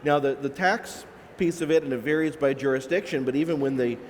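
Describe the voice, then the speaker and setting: A man's voice: medium pitch, a little fast. A man on a panel, explaining analytically, with frequent restarts and "right?" asides. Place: large expo hall. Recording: echoey expo hall with faint noise.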